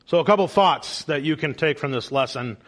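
A man's voice: on the high side, lively intonation, brisk. A man, father of a young child, teaching a church Bible study class in an earnest manner and posing questions to the group. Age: adult father of a young child.

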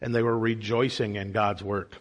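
A man's voice: fairly low pitch, level tone, normal speed. A man, father of a young child, teaching a church Bible study class in an earnest manner and posing questions to the group. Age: adult father of a young child.

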